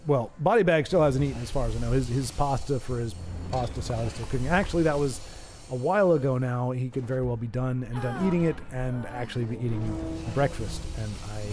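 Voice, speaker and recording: A man's voice: mid-range voice, fast talker. A man hosting a live stream, chatting with viewers and commentating a card game match in a rambling, self-mocking, jokey way. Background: background music.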